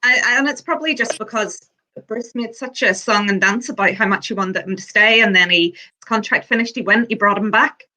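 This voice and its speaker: Woman co-host, bright tone, earnest thinking-aloud football chat. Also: medium pitch, brisk, low-quality recording. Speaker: podcast co-host. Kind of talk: casual football banter.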